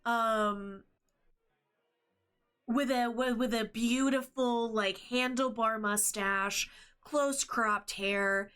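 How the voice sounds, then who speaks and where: A woman narrates a tabletop game as its game master, slowly and with a lot of stops and fillers. Her voice is bright and sits fairly high. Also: fairly even intonation, clear, resonant tone. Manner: rambling, hesitant, laughs often.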